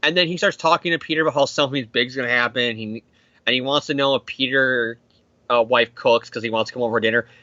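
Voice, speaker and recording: A man's voice: mid-range voice, fast, bright, forceful tone, no echo, muffled recording. A man casually recapping a comic issue as a podcast host, swearing, joking and slipping into goofy voices for the characters. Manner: profane, jokey, slips into silly character voices.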